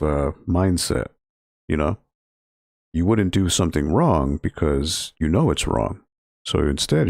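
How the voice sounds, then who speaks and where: A man hosting a relaxed library game stream, talking to viewers in a low-energy, monotone way with frequent restarts. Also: creaky, dry recording, clean studio sound. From Connecticut, US. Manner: restarts and filler words. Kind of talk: casual chat with stream viewers.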